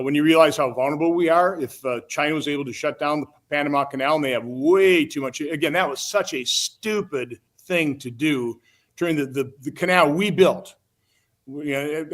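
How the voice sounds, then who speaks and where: An older man from Wisconsin, a senator talking in an interview in a plain-spoken, halting way full of restarts. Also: a little high, fairly bright tone. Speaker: guest, senator.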